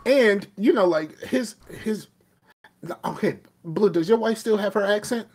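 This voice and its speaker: A man hosts a podcast in easy, rambling talk. His voice sits a little high for a man, and he laughs often and trails off into restarts. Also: a little slow, a little mellow. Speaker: podcast host. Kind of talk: casual chat.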